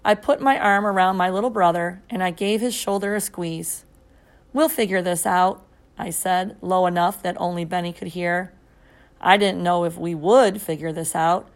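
A woman reading a first-person children's story aloud. Her narration is expressive and steady. She keeps the storytelling clear. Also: lowish voice, moderate pace. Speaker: audiobook narrator.

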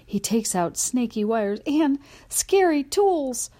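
Slow and high-voiced, a woman narrates an audiobook of a children's story. She voices it in the first person as a dog, with expressive, lively storytelling.

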